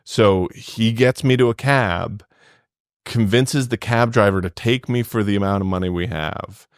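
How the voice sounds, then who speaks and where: Man, low voice, rambling storyteller, lots of fillers, dry close mic. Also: unhurried, dry recording. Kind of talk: casual podcast chat.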